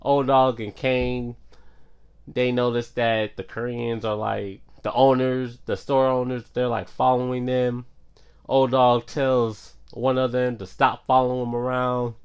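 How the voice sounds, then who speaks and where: A man's voice: medium pitch, little pitch movement, a little slow, smooth, dull audio. A man casually retelling a movie plot for his review show, in a laid-back way with lots of filler words and restarts.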